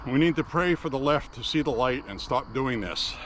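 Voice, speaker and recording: A man's voice: mid-range voice, expressive, moderate pace, fairly bright tone, slight background noise. A man talking to his phone camera while walking outdoors, speaking bluntly and with emotion, sometimes swearing. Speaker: vlogger. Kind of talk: walking vlog monologue.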